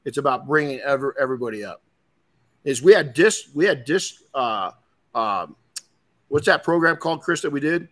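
A man's voice: mid-range voice, animated, moderate pace, fairly bright tone. Middle-aged male podcast host, blunt casual storyteller, mid-range voice. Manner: blunt, swears, many restarts. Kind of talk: casual motivational talk.

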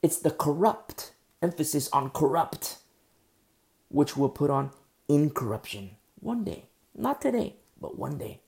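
Gravelly, dark-voiced male preacher. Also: on the high side, sing-song, a little slow. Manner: preachy, rising to emphatic rhetorical questions. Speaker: pastor. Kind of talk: sermon.

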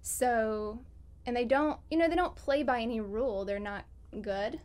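A woman's voice: fairly high pitch, normal speed, darkish tone. A woman talking as a guest in a casual interview, chatty and rambling, often laughing. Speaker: guest on a gaming podcast.

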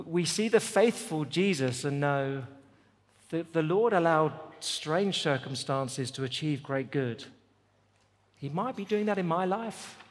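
A man's voice: on the high side, long reverb tail. A man preaching a sermon at a festival, with an emphatic, repetitive cadence. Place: festival venue.

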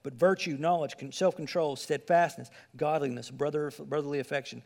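A man's voice: on the high side, steady tone, fairly quick, creaky, darkish tone, in a large hall. A man preaching a sermon, reading scripture and explaining it in an earnest, emphatic way, asking the listeners direct questions.

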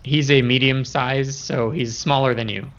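A man narrating as game master of a tabletop game, relaxed and full of fillers, on a dull lo-fi recording. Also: medium pitch, normal speed.

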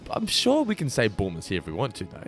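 A podcast co-host who jumps in with quick quips and wraps up the show. He talks fast, and his pitch moves around a lot. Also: wildly swooping pitch, faint music behind. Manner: quick interjecting banter. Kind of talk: casual chat.

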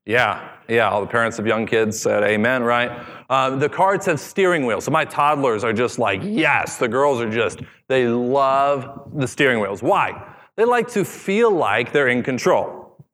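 Man, 30s, pastor; chatty, humorous sermon delivery, mid pitch, big reverberant church hall. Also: expressive, unhurried, fairly bright tone. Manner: humorous, conversational preaching.

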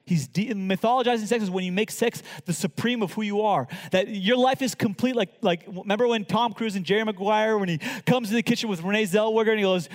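A man preaching a sermon as pastor, swinging from loud emphatic lines to hushed near-whispers. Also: high-pitched, brisk, in a large hall.

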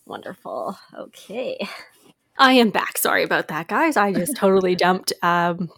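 A woman's voice: on the low side, lively intonation, moderate pace, gravelly, fairly bright tone, no room sound. Chatty, emotional woman podcast co-host. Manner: chatty and emotional, laughs often. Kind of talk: casual podcast chat.

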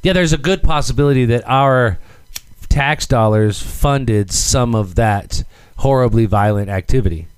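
A man co-hosting a podcast in casual chat, supportive and agreeing, often starting with halting restarts. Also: mid-range voice, clean tone, no room sound. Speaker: podcast co-host.

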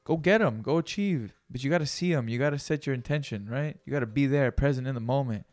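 A man's voice: medium pitch, fast, no echo, soft background music. Profane, rambling male podcaster. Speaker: podcast host. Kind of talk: casual solo podcast monologue.

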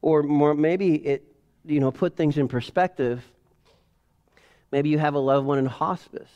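A man in his forties preaches a sermon in a relaxed, chatty way. His voice sits a little high. He acts out family scenes with lively animation. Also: unhurried, clear, resonant tone, muffled recording. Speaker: pastor. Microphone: headset or lapel mic.

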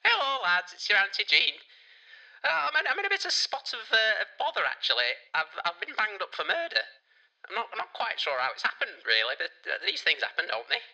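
Give me a man playing a dotty aunt, high and bright, all flustered. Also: huge pitch swings, fairly quick, gravelly, muffled recording, full character voice. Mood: cheerfully flustered. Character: dotty middle-aged aunt in jail.

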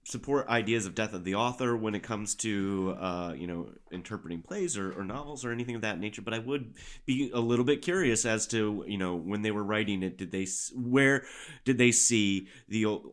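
A man with a fairly low voice speaks in an unscripted panel discussion. He is thoughtful and measured, weighing each point with small fillers as he goes. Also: a bit bright. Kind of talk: casual discussion.

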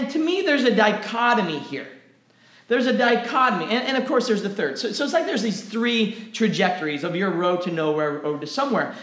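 A man with a fairly high voice preaches a sermon in an animated way, stumbling over repeated words as his energy rises. His voice rings in an echoey church room. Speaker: pastor.

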